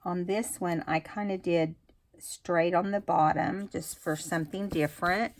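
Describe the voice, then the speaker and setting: Woman chatting thru her collage project, low voice, takes her time. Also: steady tone, a little slow. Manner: chatty, thinks aloud while working. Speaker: craft vlogger. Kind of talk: casual craft tutorial talk.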